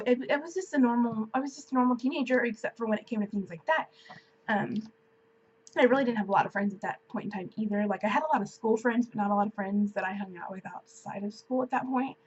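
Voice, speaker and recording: A woman's voice: fairly high pitch, slight background noise. Chatty young woman, lo-fi recording. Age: 20s. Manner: chatty, filler-heavy, many "like"s and "um"s. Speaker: vlogger. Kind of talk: casual personal storytelling to camera.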